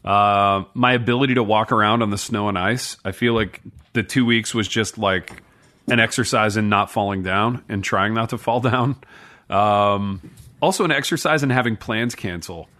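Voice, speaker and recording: A man's voice: on the low side, normal speed, sharp tone. A middle-aged man co-hosting a podcast, rambling and joking about himself in casual chat. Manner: rambling, self-deprecating, laughs often. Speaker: podcast co-host.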